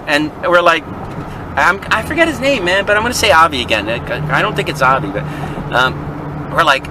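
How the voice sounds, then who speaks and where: A man with a high-pitched voice, big pitch swings and a brisk pace co-hosts a vlog from a car in traffic. He chats casually, rambling through a story and laughing often.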